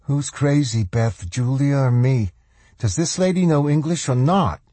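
Audiobook: man doing a gruff, urgent woman, husky tone, close and dry. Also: mid-range voice, unhurried, dark tone, no room sound, pitched above the performer's own voice. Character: blunt, tough-talking older woman called Sister.

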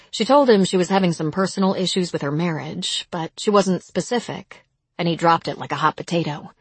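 A woman narrating an audiobook in a measured, somber way. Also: on the low side, husky, dry recording.

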